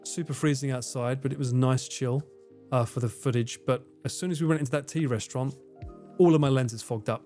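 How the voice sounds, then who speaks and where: A man's voice: medium pitch, brisk, faint music behind. Casual British man chatting on a stream. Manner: relaxed, swears freely and laughs often. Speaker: livestream host. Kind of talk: casual stream chat, reading out viewer comments. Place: room at home with air conditioning running.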